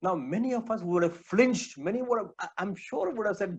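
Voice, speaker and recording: Male preacher, sermon delivery, earnest with filler pauses, slightly high pitch, muffled lo-fi audio. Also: breathy edge. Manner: earnest, addresses listeners as my friends, frequent uh fillers. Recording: dull lo-fi recording.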